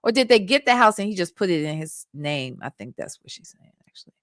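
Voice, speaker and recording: A woman's voice: on the low side, sing-song, quick pace, no room sound, studio quality. A woman streaming live, talking bluntly and with profanity straight to her chat. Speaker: streamer reacting to a radio segment.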